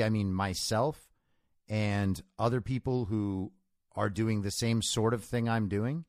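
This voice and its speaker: A male show host giving a solo commentary in a conversational, storytelling manner. His pitch moves a lot and his delivery is emphatic. He sounds close and dry, with no room echo. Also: darkish tone.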